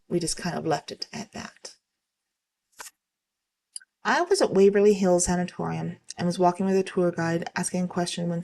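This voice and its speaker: A woman with a somewhat low voice reading stories aloud for her channel. She keeps a steady, even pace and now and then trips over a word and corrects herself. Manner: steady, even-paced reading with occasional slips.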